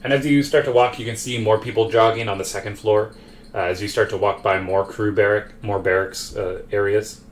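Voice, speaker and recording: A man's voice: on the low side, fairly even intonation, a little fast, slight background noise. A man running a tabletop game as game master, narrating in a rambling way with many fillers.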